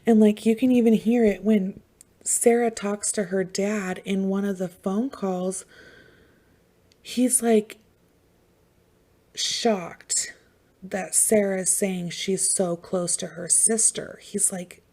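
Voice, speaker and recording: A woman's voice: mid-range voice, steady tone, takes it slowly, dark tone. A woman hosting a podcast, talking casually and emphatically, swearing freely and saying "like" a lot. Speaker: podcast host. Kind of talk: casual true-crime chat.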